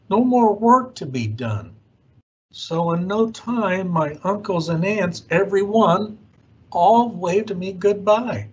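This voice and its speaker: A man reading a rhyming children's storybook aloud with an expressive, swooping delivery. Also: high-pitched, slow pace, breathy edge, muffled recording. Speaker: youth organization director.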